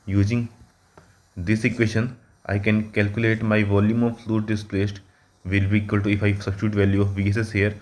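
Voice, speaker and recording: Man, engineering tutor, solving on a board, lots of fillers and corrections, somewhat low pitch. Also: completely flat delivery. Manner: halting, many fillers and self-corrections. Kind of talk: solving problems at a whiteboard.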